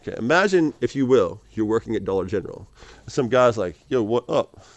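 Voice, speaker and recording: A man's voice: on the low side, sing-song, a little fast, dry recording. A man rambling casually to camera as a vlogger, laughing often and calling the listener dude and man.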